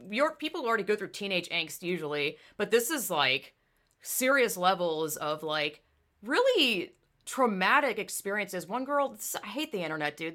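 Woman podcast host, bright forceful tone, fast heated casual chat with frequent swearing. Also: medium pitch. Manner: fast, emphatic, swears freely, acts out quoted people.

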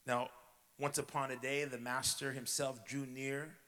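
A man's voice: mid-range voice, little pitch movement, a little slow, bright, forceful tone. A male pastor preaching a sermon to his congregation, with a dramatic storytelling delivery. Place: church sanctuary. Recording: echoey church hall.

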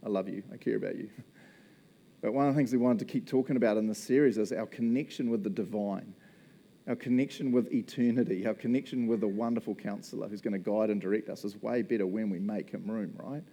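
A man's voice: lowish voice, steady tone, fairly quick, warm tone. A man preaching a casual, conversational sermon, joking, laughing often and acting out little quoted voices. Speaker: pastor.

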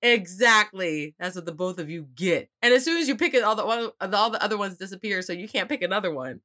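A woman's voice: mid-range voice, animated, quick pace, fairly bright tone. A woman recapping a novel chapter in casual chat with friends, swearing freely and acting out the characters' lines. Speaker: book club co-host. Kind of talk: casual book discussion.

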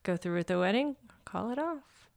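A woman's voice: medium pitch, lively intonation, normal speed, gravelly. A woman co-hosting a casual podcast chat, reading out poll questions and laughing often. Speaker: co-host.

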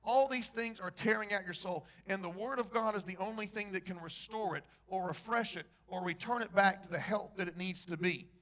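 Male pastor with a high voice, lively preaching that quizzes the congregation. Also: a little fast, few pauses. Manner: animated preacher, asks the congregation questions. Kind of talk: sermon.

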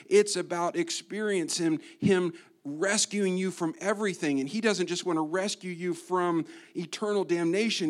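Animated man preaching a sermon. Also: high-pitched. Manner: animated, swings from hushed to loud for emphasis, playful asides. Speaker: guest preacher.

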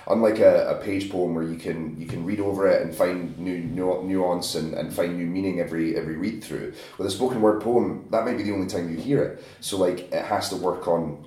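A man, a spoken word poet, chatting casually on a podcast in an animated, enthusiastic way and laughing often. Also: sits low, roomy sound.

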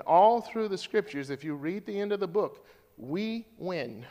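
A male pastor preaching a sermon to his congregation, swinging from hushed lines to loud, high calls. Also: expressive, a little slow, long reverb tail.

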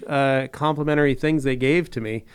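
A man's voice: medium pitch, brisk, smooth. A man hosting a podcast, talking casually with dry, joking humor. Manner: dry, joking, relaxed delivery. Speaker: podcast host. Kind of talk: casual chat.

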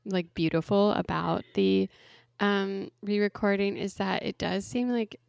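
Young woman, casual podcast chatter, gravelly edge, dry close sound, filler-heavy. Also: medium pitch, fairly even intonation, measured pace, a little mellow, no room sound. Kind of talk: casual chat.

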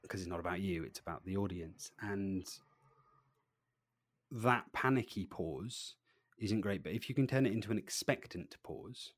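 Lively low-voiced man, dry close mic. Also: normal speed, no room sound. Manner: lively, acts out voices, swings between loud and quiet. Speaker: presentation trainer, guest. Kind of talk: animated podcast interview.

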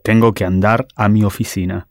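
A man giving steady, careful answers as the model student in a scripted language lesson. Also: lowish voice, fast talker, dry recording, studio quality.

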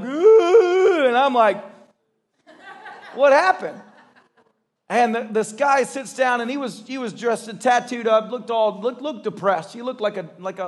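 A male pastor preaching a sermon, telling stories in an animated way and acting out the voices of the people in them. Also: extremely high pitch. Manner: animated storytelling with acted-out voices and laughter.

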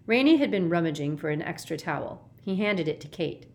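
A woman's voice: fairly low pitch, lively intonation, fairly quick, few pauses. Woman reading a children's audiobook. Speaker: audiobook narrator.

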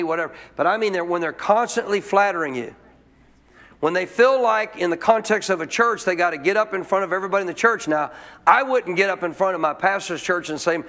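High-voiced emphatic preacher man. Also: brisk, bright, forceful tone. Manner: emphatic, questions the congregation and repeats points. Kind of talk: sermon. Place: church.

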